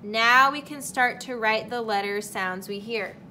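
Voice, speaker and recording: Slow, bright-voiced kindergarten teacher. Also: female voice, on the high side, slight background noise. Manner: slow, deliberate sounding-out of words. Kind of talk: recorded video lesson for young children.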